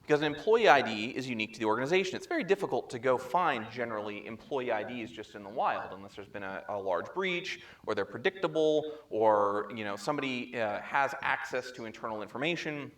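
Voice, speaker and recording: A man presenting at a security chapter meeting, telling a story in a lively way and acting out the dialogue, speaking into a handheld microphone. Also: medium pitch, fairly quick, few pauses. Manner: animated storyteller who acts out quoted dialogue. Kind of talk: conference talk, storytelling. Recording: echoey room, faint background noise.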